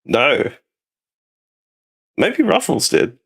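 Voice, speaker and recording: Rambling Australian man, lively pitch. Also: very slow, vocal fry, breathy edge. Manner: rambling, loose, swears casually. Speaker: streamer host. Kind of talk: casual chat.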